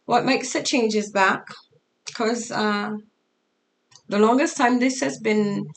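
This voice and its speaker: A middle-aged woman tells her story in a halting, unpolished way, with plenty of pauses and restarts. Her speech has an altered, foreign-sounding lilt. Her voice sits a little high, with a gravelly edge. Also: fairly bright tone, a little hiss or hum. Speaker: storyteller sharing her life. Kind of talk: casual personal storytelling.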